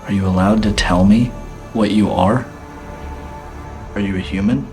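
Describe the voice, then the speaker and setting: A man's voice: fairly low pitch, fairly even intonation, measured pace, over music. A man hosting a paranormal investigation vlog in an old school, bluntly questioning a spirit and swearing often. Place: old school building, indoors.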